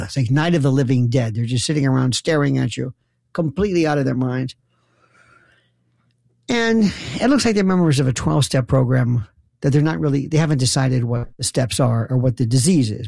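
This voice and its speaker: Speaking at a medium pitch with vocal fry and a warm tone, a former prosecutor turned New York talk show host riffs through a sarcastic, meandering comedy monologue, firing off disbelieving rhetorical questions. The recording is dry.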